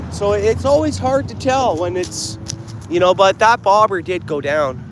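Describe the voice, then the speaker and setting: A man's voice: high voice, expressive, measured pace. A man chatting to viewers on a live stream while fishing outdoors, thinking aloud as he goes. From Canada. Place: outdoors by the water. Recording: clear outdoor background noise.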